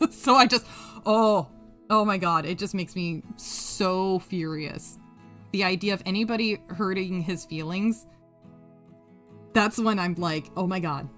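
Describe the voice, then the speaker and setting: A chatty woman streams from her craft room, reading viewers' messages and reacting with quick laughs and casual swearing. Her voice sits in a middle register. Soft guitar music plays faintly behind her. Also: mid-range voice. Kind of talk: casual live-stream chat.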